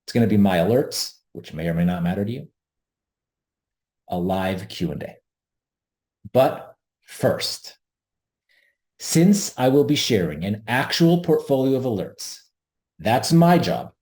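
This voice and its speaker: A man's voice: lowish voice, very animated, unhurried, pauses often, a little mellow. A man hosting an options trading webinar, talking earnestly and emphatically and repeating his key points. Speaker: webinar host, options trader. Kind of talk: presenting a webinar.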